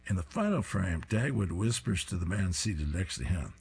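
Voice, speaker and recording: A man's voice: deep voice, very animated, moderate pace, creaky, darkish tone, slightly rough. A man reading comic strips aloud, describing each panel in an amused way.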